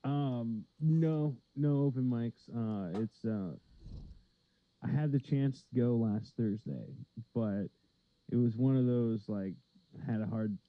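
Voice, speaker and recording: A man's voice: medium pitch, takes it slowly, no room sound. A man co-hosting a comedy podcast in casual, rambling chat with lots of fillers. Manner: laid-back, rambling with many fillers. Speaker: podcast co-host. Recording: slightly dull lo-fi sound.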